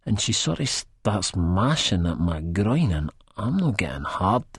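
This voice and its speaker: A husky, low-voiced Scottish man narrates an audiobook in first person. He mumbles and hesitates, stumbling over words in a dry, close sound. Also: very animated, a little slow, no room sound.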